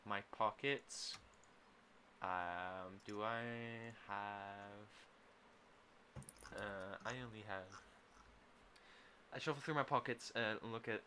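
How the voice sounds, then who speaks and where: A man's voice: on the low side, takes it slowly, long pauses, sharp tone. Young male player, hesitant and rambling, full of ums and restarts, with a light hiss behind him. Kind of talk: casual tabletop role-play.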